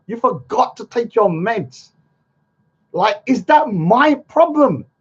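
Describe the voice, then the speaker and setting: A man's voice: very high voice, big pitch swings, takes it slowly, husky, lo-fi sound. A man ranting heatedly on a live stream, swearing and asking yeah after many lines. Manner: heated, swearing, keeps saying yeah and let me say something.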